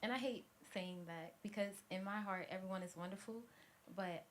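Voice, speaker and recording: A woman in her twenties from Cincinnati, a guest musician with a hoarse, worn voice, answering interview questions in an open, reflective way. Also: medium pitch, normal speed, slight background noise. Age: 20s. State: hoarse, has lost her voice.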